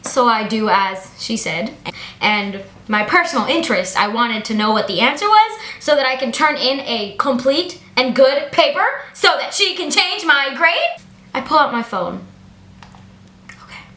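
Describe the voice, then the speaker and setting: A woman telling a storytime vlog in a blunt, profane, animated ranting way. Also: high-pitched, unhurried, echoey room.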